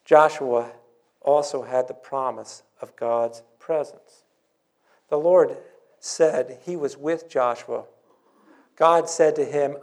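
A male pastor preaching a sermon in church, earnest, with dramatic pauses and scripture read aloud. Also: mid-range voice, darkish tone.

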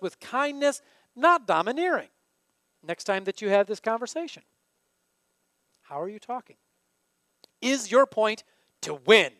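Male preacher, high-pitched, chatty delivery with questions to the listeners, dry close recording. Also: dry recording. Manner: conversational, asks the congregation questions. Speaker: pastor. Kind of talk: sermon.

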